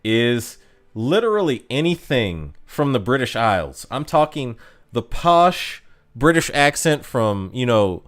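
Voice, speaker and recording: Chatty American man, lively pitch. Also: a little slow. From United States. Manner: rambling and chatty, lots of fillers and restarts. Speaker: streamer. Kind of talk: casual live-stream chat.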